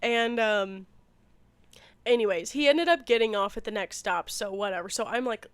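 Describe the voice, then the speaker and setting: A young woman from the Midwest, co-hosting a podcast and telling a story in casual chat, animated and full of "like" and laughs. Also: mid-range voice, normal speed, clean tone, dry recording. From Midwest, Missouri. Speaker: podcast co-host.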